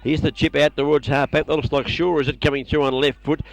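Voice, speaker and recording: An Australian man calling a country football match as a commentator, excitable and building to shouts on big plays. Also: fairly high pitch, quick pace, poor audio.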